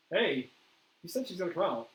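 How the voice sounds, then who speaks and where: Animated male storyteller in echoey room. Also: on the high side, a little slow. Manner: animated storyteller, acts out quoted dialogue. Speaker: paranormal investigator host. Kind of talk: casual storytelling interview. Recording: echoey room with faint noise.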